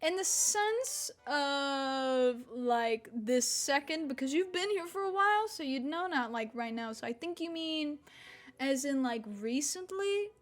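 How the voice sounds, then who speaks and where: High-voiced young woman rambling on stream. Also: lively intonation, unhurried. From Mississippi. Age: about 20. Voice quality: unusual slack-jawed accent. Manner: rambling, swears, laughs often. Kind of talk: casual stream chat.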